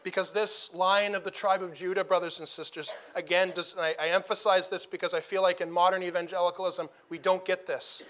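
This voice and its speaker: A man preaching a sermon, emphatic and repeating phrases for stress as he builds to loud declarations. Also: high-pitched.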